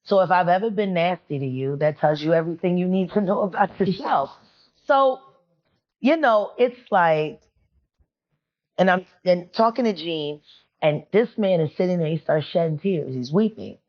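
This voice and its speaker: A woman's voice: fairly low pitch, lively intonation, normal speed. A woman guest on a podcast, telling a personal story in a rambling, confiding, emotional way. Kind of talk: candid storytelling interview. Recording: muffled lo-fi sound.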